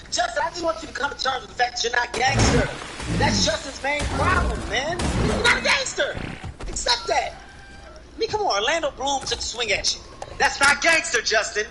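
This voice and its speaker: A man putting on a loud, crude roast comedian who shouts his punchlines. His voice sits very high and leaps all over the place. Heavy noise hisses behind him. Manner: brash, shouting, profane roast delivery. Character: impression of a loud male celebrity comedian roasting. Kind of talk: stand-up roast impression.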